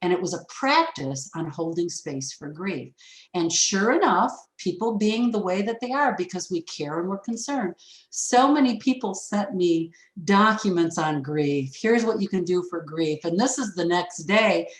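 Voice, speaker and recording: A woman guest on a podcast telling personal stories about forgiveness in a frank, animated way. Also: on the low side, a little slow. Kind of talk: storytelling in a podcast interview. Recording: roomy echo.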